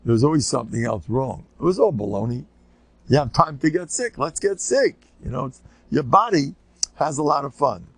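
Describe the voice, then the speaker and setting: An older man, a rabbi, giving a rambling informal lecture full of anecdotes and Yiddish words, sometimes squeaking out children's voices. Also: expressive, moderate pace, fairly bright tone, no echo. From United States.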